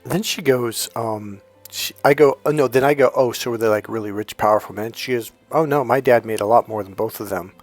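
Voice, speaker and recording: A man's voice: medium pitch, fairly quick, hardly any pauses, faint music behind. Rambling middle-aged man, dating coach. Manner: rambling, retells dialogue in quotes. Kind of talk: casual monologue.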